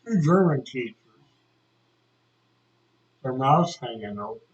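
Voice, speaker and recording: An older man recalls a story from his school days, taking his time over each line. His voice rises and falls a great deal as he acts out the shouting people in it. The recording sounds dull and lo-fi. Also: medium pitch, slow. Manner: animated, acts out shouted quotes. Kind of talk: telling a childhood story.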